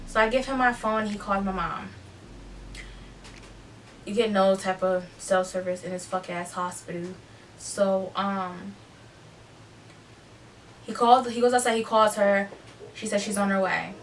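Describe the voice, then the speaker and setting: A young woman vlogger telling a personal story in a candid, profane, animated way. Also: mid-range voice, a little slow, long pauses, recorded from a distance, slight background noise. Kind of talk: casual storytime. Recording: voice off-mic with faint music.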